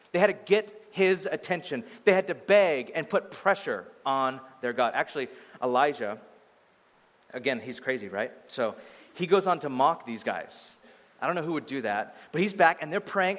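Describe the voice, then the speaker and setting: Sex: man. Role: pastor. Style: sermon, animated storytelling. Pitch: a bit high. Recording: long hall reverb. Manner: animated storytelling, swinging from loud to hushed.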